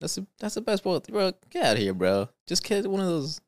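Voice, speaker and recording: Slangy, animated male podcast host. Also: high-pitched, a little fast, dry recording. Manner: animated, slangy, says "bro" and "dude" often. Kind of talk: casual podcast chat, reading stories aloud.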